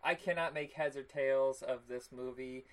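A man's voice: mid-range voice, steady tone, normal speed, low-quality recording. A man co-hosting a casual podcast chat, wry and amused as he reads from notes about a film. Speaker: podcast co-host.

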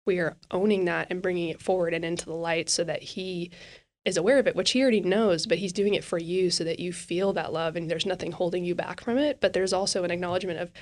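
Female podcast co-host, slightly low and even delivery, reflective and direct. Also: fast. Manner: reflective, steady, speaks to the listener directly. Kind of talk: casual faith discussion.

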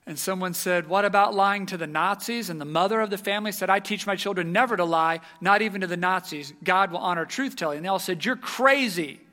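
Bright, animated male preacher telling a story. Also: high voice, quick pace, hardly any pauses. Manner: animated storyteller, drops to a hush for tense moments. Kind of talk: sermon storytelling.

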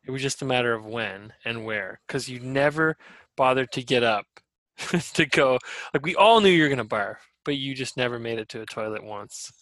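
Laughing man with a bright voice. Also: mid-range voice, moderate pace, no room sound. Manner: animated storyteller, laughs often, swears casually. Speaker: podcast co-host. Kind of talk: casual chat.

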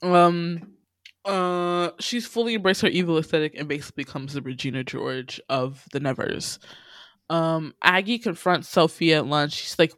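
A podcast host recaps a film in loose, animated storytelling, peppered with swearing and laughter. The voice sits at an average pitch and is recorded close and dry, with no room sound. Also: moderate pace, no room sound. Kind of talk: casual chat.

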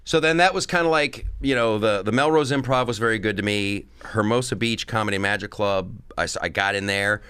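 A man's voice: fairly low pitch, fairly quick, hardly any pauses, smooth, no echo. A middle-aged man, a guest comedian, telling stories casually and acting out the voices of people he quotes. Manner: animated, acts out quoted voices. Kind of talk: casual storytelling.

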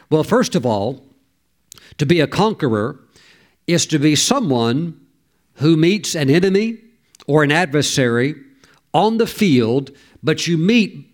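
A man preaching a sermon, telling a story and breaking into exclamations and calls for amen. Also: fairly high pitch.

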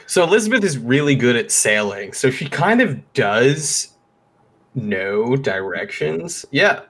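A man's voice: mid-range voice, sing-song, slow pace, a bit bright, breathy edge. Easygoing man playing a tabletop game. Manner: easygoing and joking, speaks for his character. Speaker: player. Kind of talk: casual tabletop game chat.

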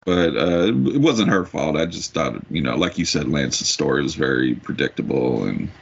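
A man co-hosting a podcast, reading news in a rambling, halting casual way. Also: rumbling low, lively intonation, creaky, slightly rough. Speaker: podcast co-host. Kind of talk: casual chat. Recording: muffled lo-fi audio.

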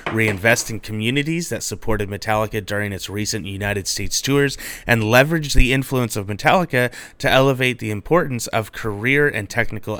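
A man presenting a local news bulletin in a steady newsreading manner, now and then breaking off for a joking aside. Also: on the low side, no room sound.

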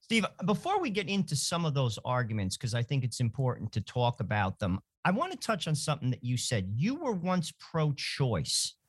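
A man's voice: medium pitch, wildly swooping pitch, moderate pace, husky, no echo. A man co-hosting a radio show, asking questions in a conversational way with lots of fillers. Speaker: radio co-host.

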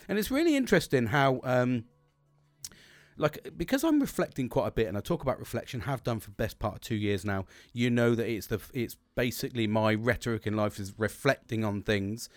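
A man's voice: medium pitch, dry recording. A middle-aged man hosting his own podcast, rambling and swearing with a self-deprecating humour in casual solo chat. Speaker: podcast host. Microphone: close podcast microphone.

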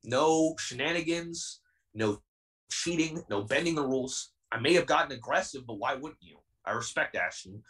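A man's voice: medium pitch, expressive, normal speed, a bit bright, distant mic, low-quality recording. A young man in his twenties, a pro wrestler being interviewed on a podcast, talking in a heated, defiant and intense way. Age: 20s.

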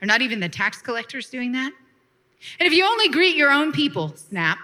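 Woman pastor, high bright voice, lively conversational sermon with call-and-response. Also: brisk. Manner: lively preaching with laughs, call-and-response asides.

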